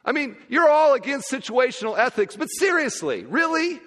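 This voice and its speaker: A man's voice: very high-pitched, very animated, moderate pace, fairly bright tone, long reverb tail, voice pushed up, exaggerated voice. A man voicing a brash young male college student who incredulously challenges a speaker. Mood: mocking challenge.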